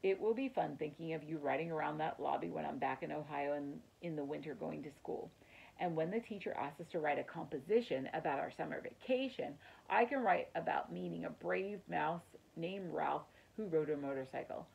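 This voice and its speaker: A woman reading a kind young boy from a children's storybook. He speaks gently and in a friendly way. The voice is low, husky and gravelly. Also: a little fast, heavily acted, rough recording. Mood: warm.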